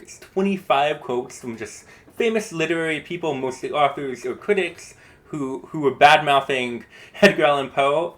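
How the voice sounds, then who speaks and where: A man casually talking through a poem as a lesson, thinking aloud with small restarts in a relaxed way. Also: on the high side. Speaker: host explaining a poem.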